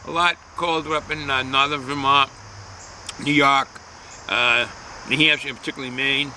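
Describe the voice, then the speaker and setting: A man's voice: mid-range voice, steady tone, normal speed, sharp tone, a little hiss or hum, poor audio. A man giving a casual, folksy beer review outdoors, rambling with lots of hesitations.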